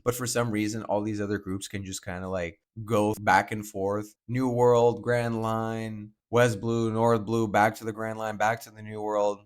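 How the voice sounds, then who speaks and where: Man, lowish voice, casual musing reaction host, talks through his thoughts. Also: level tone, unhurried, few pauses, smooth. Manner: chatty and musing, thinks aloud with fillers.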